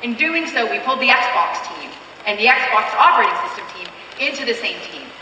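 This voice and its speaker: A bright, fairly high woman's voice delivers a conference keynote, talking conversationally with filler words and restarts. She is heard from far off the mic in a large convention hall, with long reverb and a faint room murmur behind her. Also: sing-song, fairly quick, muffled recording, a little hiss or hum. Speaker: keynote presenter.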